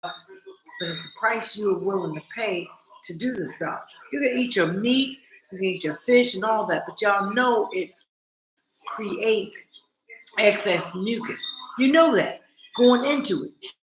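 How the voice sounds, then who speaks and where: A woman vlogging in a casual monologue, animated and blunt, cursing freely and talking straight to her viewers. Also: mid-range voice, measured pace, pauses often, roomy sound, rough recording.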